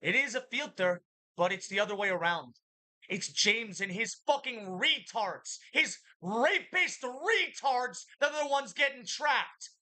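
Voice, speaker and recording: Bright-voiced woman rambling to camera. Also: on the high side, animated, unhurried. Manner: talks about herself in the third person; blunt and profane. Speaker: vlogger. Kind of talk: rambling spoken monologue.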